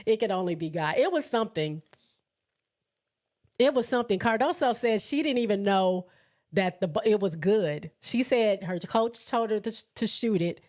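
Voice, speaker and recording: Hosting a relaxed live sports chat, this woman reads viewer comments aloud in a mid-range voice at a moderate pace. She's chatty and excitable, laughing frequently.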